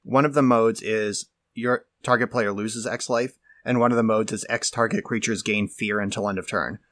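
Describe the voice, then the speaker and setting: A man co-hosting a podcast, giving measured, lecturing explanations in casual chat, often with "like". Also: fairly low pitch, steady tone, fairly bright tone. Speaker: podcast co-host.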